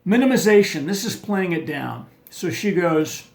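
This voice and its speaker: A man presenting marriage advice in a scripted talk, giving definitions in a measured, list-like way. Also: high-pitched, big pitch swings, creaky, a little mellow.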